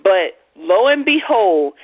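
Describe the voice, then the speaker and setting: A woman host telling a personal story in a blunt, profane, animated way on a casual radio chat. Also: medium pitch, slow, no room sound. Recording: tinny phone-like, dry sound.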